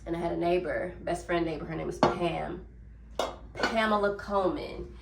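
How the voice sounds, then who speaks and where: A woman's voice: on the low side, moderate pace, gravelly, background noise. Chatty Southern woman, roomy and distant. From Memphis, Tennessee. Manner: chatty, rambling, talks to viewers while cleaning. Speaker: vlogger. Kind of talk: casual lifestyle vlog. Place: home kitchen. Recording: roomy, from off the mic.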